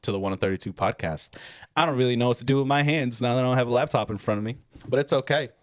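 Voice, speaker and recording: Man, podcast co-host, goofy, jokey, casual chat, medium-pitched voice. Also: rapid-fire, clear, resonant tone, no echo. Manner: goofy, joking, playful riffs.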